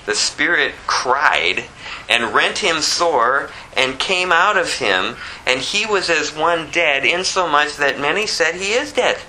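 A man delivers a conversational expository sermon, reading scripture low and dropping into high, pleading prayers. His voice is bright and ringing. A faint ambient hum sits behind him. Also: expressive, takes it slowly, low-quality recording. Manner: conversational, with restarts and asides. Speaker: preacher.

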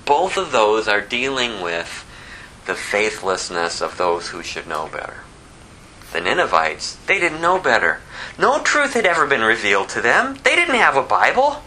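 A man preaching a verse-by-verse sermon, telling the story animatedly and swinging from loud to hushed. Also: medium pitch, sing-song, normal speed, a little hiss or hum, poor audio. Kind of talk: expository sermon.

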